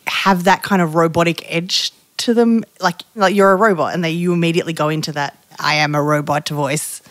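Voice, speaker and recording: A woman co-hosting a podcast, asking the others questions in a lively, wry way. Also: fairly low pitch, brisk, no echo, clean studio sound. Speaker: podcast co-host, interviewer. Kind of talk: casual chat.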